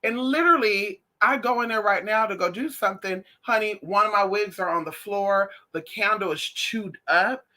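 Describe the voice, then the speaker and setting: A woman talking casually to her viewers in a lively, sassy way, often calling them honey and y'all. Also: medium pitch, normal speed, hardly any pauses. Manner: animated, sassy, calls listeners honey and y'all. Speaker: spiritual class teacher, vlogger.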